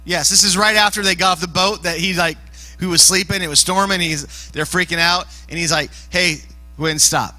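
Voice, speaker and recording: Man, youth pastor, casual sermon, high voice, very bright and sharp tone, jokey, bursts into shouting. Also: fairly quick, dry recording, rough recording. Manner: animated and joking, often rising to shouts. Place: church youth service.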